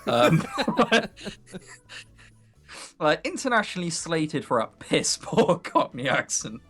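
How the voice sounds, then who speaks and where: A man's voice: a little high, very animated, slow, a bit bright, soft background music. A young man from Sussex with a southern English accent, hosting a game stream in casual, joking chat and laughing often. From Sussex, England. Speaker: let's play host.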